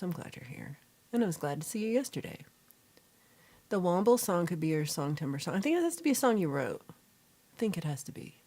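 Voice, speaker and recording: Her voice fairly low in pitch and a little mellow, a woman hosts a casual livestream. She meanders while reading out and replying to viewers' comments, dropping fillers and correcting herself along the way.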